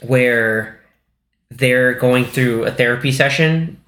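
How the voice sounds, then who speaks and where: A man rambles through a casual movie chat on a podcast, full of fillers and acted-out quotes. His voice sits at a middle pitch. The room adds a noticeable echo. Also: slow, fairly bright tone. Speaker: podcast co-host.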